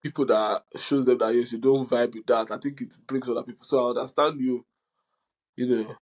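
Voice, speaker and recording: Speaking briskly in a mid-range voice, this young man hosts a podcast, spinning lively stories and breaking into frequent laughter during casual conversation. The recording is low quality.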